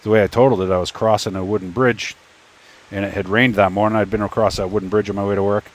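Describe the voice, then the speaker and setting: A man's voice: lowish voice, level tone, fast. Rambling man chatting at his workbench. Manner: rambling, stop-start, talks to himself while assembling. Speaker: 3D printing YouTuber. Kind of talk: casual workbench storytelling. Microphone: phone.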